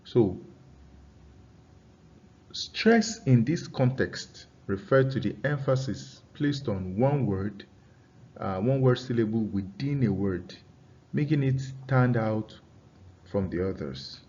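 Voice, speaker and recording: Guy teaching pronunciation, slow and careful, says things twice for note-taking, kinda muffled recording. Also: medium pitch, lively intonation, a little mellow. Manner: deliberate, repeats key phrases for note-taking. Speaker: English teacher. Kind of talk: classroom-style dictated lesson. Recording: slightly dull lo-fi recording.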